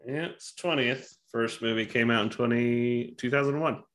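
Podcast co-host, man in his thirties, bright crisp tone, offhand and joking, curses casually. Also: mid-range voice, moderate pace. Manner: joking, offhand, swears freely. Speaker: podcast co-host running a trivia game. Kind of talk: casual chat.

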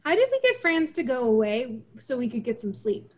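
A woman's voice: a little high, sing-song, moderate pace, a little mellow. Teasing, wisecracking woman. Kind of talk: scripted comedic banter.

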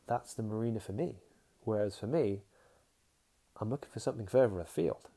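A man's voice: fairly low pitch, fairly quick, warm tone, breathy edge. A young man hosting a casual podcast monologue, rambling frankly, trailing off and restarting his sentences. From England. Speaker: podcast host.

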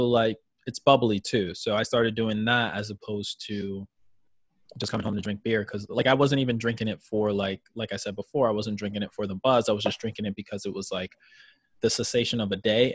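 A man's voice: on the low side, fairly even intonation, brisk, slightly rough, dry recording, studio quality. A man in casual podcast chat, laid-back and filler-heavy, often trailing off.

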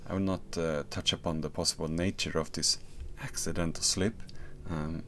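A podcast host giving analytical commentary in a thoughtful way, pausing with fillers. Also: male voice, deep voice, fairly even intonation, a little hiss or hum.

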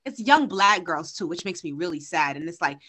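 A woman's voice: lowish voice, expressive, brisk, bright, forceful tone. A woman guest on a podcast, chatting casually and animatedly, acting out quotes as she tells stories.

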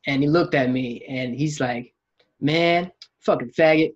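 A man telling a story in a casual chat, animated and acting out what people said. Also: on the high side, measured pace. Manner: animated storyteller, acts out quotes, laughs while telling. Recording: dull lo-fi sound.

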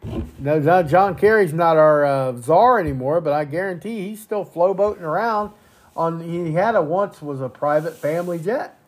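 A man's voice: a little high, normal speed. Profane ranting male podcast host. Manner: angry, crude, repeats words.

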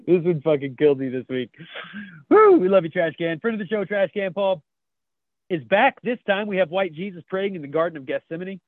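A man's voice: high voice, expressive, brisk, no echo. A man co-hosting a podcast, chuckling as he reads out memes in a casual, jokey chat. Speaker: podcast co-host. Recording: tinny phone-like line, dry.

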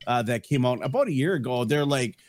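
Male guest, middle-aged, jokey rambling storyteller, even mid pitch, dry recording. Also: brisk, dry recording. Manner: joking, rambling storyteller with mock voices. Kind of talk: casual chat.

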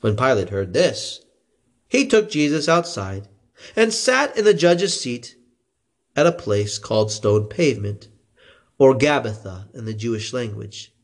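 A man reading scripture aloud in a slow, expressive way. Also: mid-range voice. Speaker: scripture reader.

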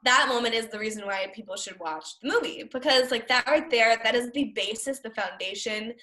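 Bright-voiced, gushing woman. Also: a little high, fairly quick. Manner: enthusiastic, rambling with many fillers. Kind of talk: casual chat about a cartoon series.

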